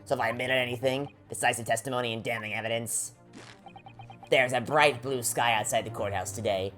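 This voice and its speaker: A man voicing a smug, theatrical male prosecutor in a measured, self-satisfied way. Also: mid-range voice, fairly even intonation, fairly bright tone, soft background music, close to an everyday voice.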